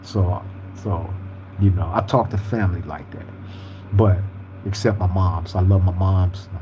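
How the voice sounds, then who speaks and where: A man's voice: deep voice, fairly even intonation, a little slow, background noise. A man hosting a live podcast, chatting casually in streetwise slang and reading out viewer comments. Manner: laid-back, streetwise slang, frequent "you feel me". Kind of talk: casual live-stream chat.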